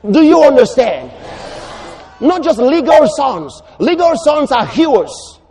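A man preaching a sermon, emphatic and repetitive, rising to shouts. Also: very high voice, very animated, takes it slowly.

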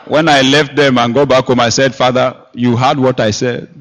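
A man preaching a sermon, emphatic, with sharp rises and quiet drops. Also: medium pitch, little pitch movement, normal speed. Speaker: pastor. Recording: long hall reverb.

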